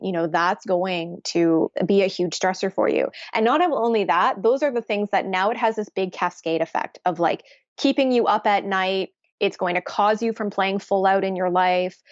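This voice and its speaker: A woman nutritionist and coach appears as a podcast guest, explaining things earnestly and often adding "right?" to her points. Her voice is medium-pitched, with no echo and the highs cut off.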